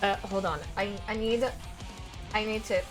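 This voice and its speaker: A woman streamer, a native French speaker, chatting casually and reading her chat aloud, bubbly and excitable. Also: mid-range voice, normal speed, music in the background. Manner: bubbly, excitable, squeals greetings to viewers.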